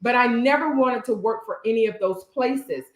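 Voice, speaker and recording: A woman's voice: a little high, moderate pace, reverberant. A woman working as a therapist, co-hosting a casual couple's talk with her husband. She speaks earnestly and emphatically and stumbles a little as she picks her words. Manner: stutters a little, choosing words carefully. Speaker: therapist and social worker, co-host.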